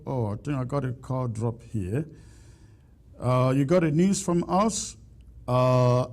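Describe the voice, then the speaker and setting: A man hosting a call-in show, speaking deliberately and repeating his words as he takes callers. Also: mid-range voice, warm tone. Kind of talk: call-in radio talk.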